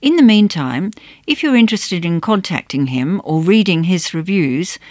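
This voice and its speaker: A woman hosting a radio program, presenting scripted links in a clear announcing manner. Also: fairly low pitch, expressive, normal speed, a little mellow, no echo, studio quality.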